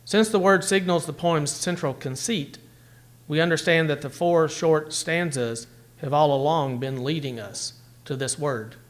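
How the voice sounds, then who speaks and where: A man giving a measured, deliberate talk that analyzes poems and reads them aloud at a poetry event. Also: a little high.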